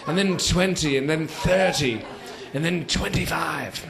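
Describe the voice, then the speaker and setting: A man's voice: on the high side, slow, vocal fry, over a noisy crowd. Man rambling in a mock-British comic monologue. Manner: rambling mock-British old-timer reminiscence, full of "you see" and "sort of". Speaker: stand-up comedian performing a character monologue. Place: theater stage before a live audience. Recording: noisy live theater recording.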